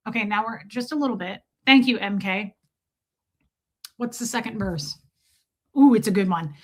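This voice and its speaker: Hoarse woman livestreamer, sardonic asides. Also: medium pitch. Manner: sardonic, profane, slow drawn-out singing between quick asides. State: hoarse, voice worn from a long call. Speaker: livestream host. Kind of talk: casual livestream chat with mock singing.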